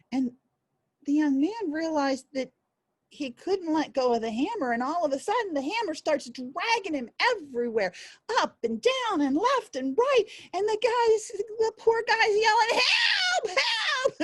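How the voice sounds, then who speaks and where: A woman storyteller telling a folk tale in a playful, animated way. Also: high-pitched, no echo.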